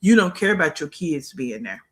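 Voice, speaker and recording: A woman's voice: low-pitched, big pitch swings, normal speed. A woman hosting a reaction livestream, scolding bluntly, repeating phrases for emphasis and greeting her live chat. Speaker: livestream commentary host.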